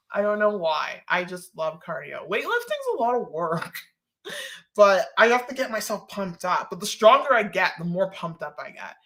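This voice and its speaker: Caribbean-raised woman chatting on a live q&a stream, bright voice, says like a lot. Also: mid-range voice. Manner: chatty, lots of "like" and laughing asides. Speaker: host.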